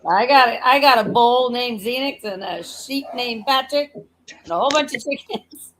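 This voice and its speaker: A woman's voice: on the high side, moderate pace, fairly bright tone, slight background noise, low-quality recording. A woman with a slight Southern accent, chatting casually on a livestream, teasing and laughing often.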